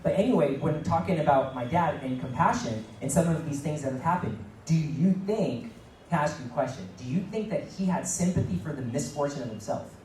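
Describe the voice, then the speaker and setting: Middle-aged male keynote speaker, slightly raised pitch, mellow tone, heard from off-mic in a roomy space. Repeats lines for emphasis and acts out dialogue. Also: expressive, fairly quick, slight background noise. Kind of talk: motivational keynote talk. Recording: echoey room, mic at a distance.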